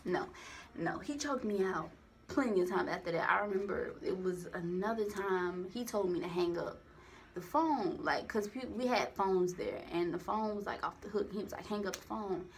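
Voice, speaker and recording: A woman's voice: mid-range voice, moderate pace, slight background noise. A young woman telling a personal story into a phone camera, rambling and candid with lots of profanity and slang. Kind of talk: casual storytime monologue.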